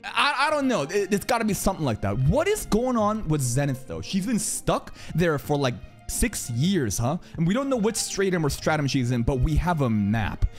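A man giving live reaction commentary on an anime, excitable and profane, often yelling at his chat. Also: fairly high pitch, moderate pace, few pauses, soft background music.

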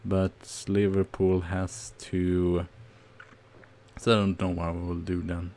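Gravelly, slow-talking male game streamer. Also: deep voice. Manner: nervous, excitable play-by-play with outbursts. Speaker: gaming streamer. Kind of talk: casual game commentary.

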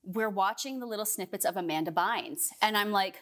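A young Canadian woman, a community theatre actor, chats as a guest in a casual podcast interview. She is animated and dramatic and talks in a mid-range voice. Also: medium pitch, brisk. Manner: animated, dramatic storyteller, acts out quotes.

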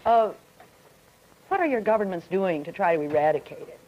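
A woman moderating a panel discussion with brisk, poised questions, in the style of a 1950s broadcast. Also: fairly low pitch, lively intonation, a little hiss or hum. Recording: dull lo-fi vintage broadcast.

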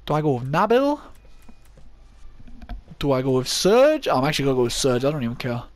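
A man's voice: medium pitch, sing-song, brisk, dry recording. A young man giving casual gameplay commentary, thinking aloud and poking fun at himself. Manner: chatty, thinks aloud, self-mocking. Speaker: gaming YouTuber.

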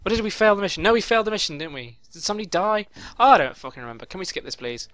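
A man's voice: high-pitched, expressive, racing, a bit bright, dry recording. A young man commentating his own gameplay, swearing often and boiling over in frustrated outbursts. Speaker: gaming YouTuber.

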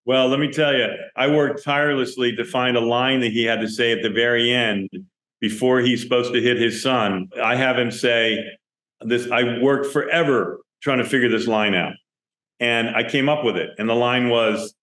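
A man's voice: mid-range voice, normal speed. A man, a film director, telling stories from a film set in an interview, acting out the dialogue as he goes. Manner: animated storyteller, acts out quoted dialogue. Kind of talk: interview storytelling. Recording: roomy echo.

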